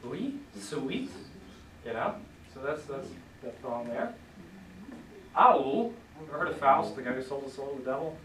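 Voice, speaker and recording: A man teaching a class, relaxed, leading students in repeating sounds. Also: medium pitch, a little slow, long pauses, a little hiss or hum. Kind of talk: classroom lesson. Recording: echoey room, voice from far off.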